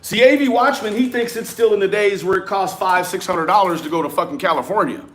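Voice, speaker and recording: A man giving a profane, animated rant to his viewers. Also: sits high, brisk. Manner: animated, swearing, talks straight at viewers. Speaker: commentary vlogger. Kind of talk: profane ranting commentary.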